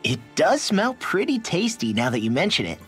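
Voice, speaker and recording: A cocky young brawler in a game, kinda husky, voice jumps around. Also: male voice, on the high side, wildly swooping pitch, normal speed, fairly bright tone, soft background music, exaggerated voice. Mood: excited. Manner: cocky, blunt. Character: brash, cocky young male fighter. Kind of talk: video game voice acting.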